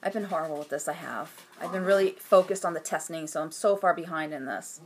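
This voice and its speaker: A woman's voice: sits low, fast. A woman hosting her own knitting podcast at home, chatting casually to the camera in a rambling way with lots of fillers and restarts. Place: at home, indoors.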